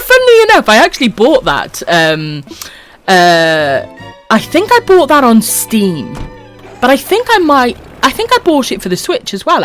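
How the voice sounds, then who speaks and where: Lively Welsh woman streamer, swearing and giggling. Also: lowish voice. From Wales. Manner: affectionate, swears freely, laughs often. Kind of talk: casual live-stream chat reading comments.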